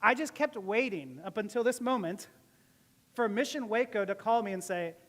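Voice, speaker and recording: Give me a pastor in mid-range pitch delivering a relaxed, joking sermon in a reverberant hall. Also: normal speed. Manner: conversational, joking, laughs often. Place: church service.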